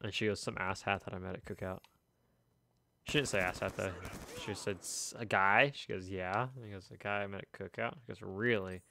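A man's voice: low-pitched, fairly even intonation, fairly quick, gravelly, a bit bright, a little hiss or hum. A young man streaming a game, telling a long rambling story with chuckles in casual chat. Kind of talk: casual chat while gaming. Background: faint video game gunfire.

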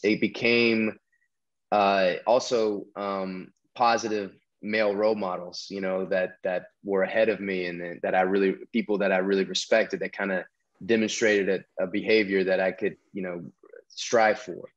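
A man's voice: low-pitched, level tone, normal speed, lo-fi sound. A man, telling a long story as a podcast guest, full of restarts and fillers. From American South. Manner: rambling, many restarts and fillers. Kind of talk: casual storytelling interview.

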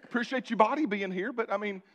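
A male pastor preaching a sermon, building repeated phrases and dropping into quiet asides. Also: quick pace, some chatter behind. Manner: preaching with sudden drops to a low conversational aside.

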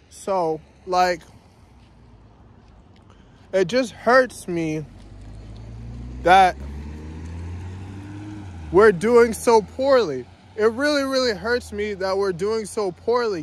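A man ranting in a casual vlog while walking around his neighborhood outdoors, repeating himself and calling out "guys" again and again. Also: high voice. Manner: repetitive, ranting, says "guys" constantly. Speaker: vlogger.

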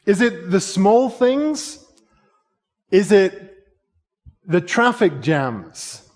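Slow, high-voiced preacher in a church. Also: male voice, a little mellow. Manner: measured storyteller, rhetorical questions. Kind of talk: sermon storytelling. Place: church sanctuary. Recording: long church reverb.

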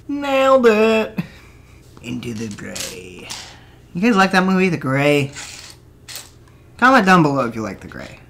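A man's voice: mid-range voice, vocal fry, sharp tone, slight background noise. A man in his twenties rambling to himself into a desk microphone while building a toy kit, cracking jokes and swearing as he goes. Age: 20s. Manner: mutters and swears to himself, jokey asides. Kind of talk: rambling casual monologue.

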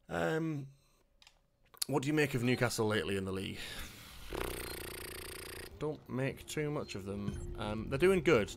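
A man's voice: medium pitch, background noise. A man streaming a game, swearing a lot and jumpy, talking over game sounds. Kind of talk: live gaming commentary. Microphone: headphones with a desk mic.

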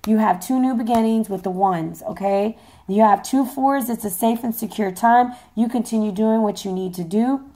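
A hoarse woman giving a chatty, playful tarot reading, swearing casually as she talks. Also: fairly high pitch, moderate pace, mellow. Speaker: tarot reader.

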